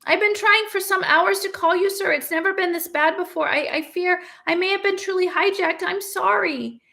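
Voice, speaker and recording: A woman's voice: very high voice, normal speed, gravelly, pushed and bright, pitched above the performer's own voice, full character voice. A woman voicing an arrogant young male student who speaks formally and anxiously.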